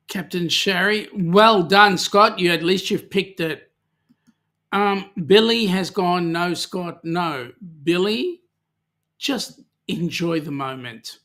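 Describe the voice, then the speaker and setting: An Australian man hosts a live chat, reading out viewers' comments in a casual, rambling way full of ums. His voice sits a little high for a man and sounds bright. He talks slowly and easily. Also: lively intonation. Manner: chatty, warm, many ums, reads viewer comments aloud. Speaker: livestream host.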